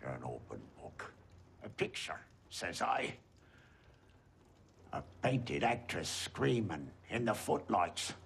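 An actor playing a cruel, mocking old lighthouse keeper with a gravelly sailor's dialect, swinging from a low mutter to a roar. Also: male voice, slight background noise, heavily acted.

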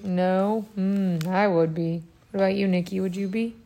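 Woman, storybook read-aloud for children, animated, asks questions, medium pitch. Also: normal speed, vocal fry, a little hiss or hum. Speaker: reader to children. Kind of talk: reading a picture book aloud to children.

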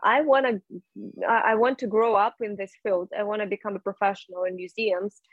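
A young woman from Russia, speaking English as an in a casual interview, halting with many fillers and restarts. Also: mid-range voice, no room sound, narrow, tinny audio. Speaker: guest.

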